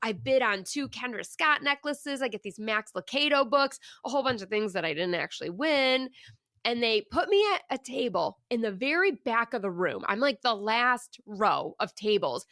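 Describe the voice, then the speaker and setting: A woman hosting her own podcast, telling a personal story in an animated, emphatic way and asking the listener reflective questions. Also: a little high, no room sound, studio quality. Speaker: podcast host.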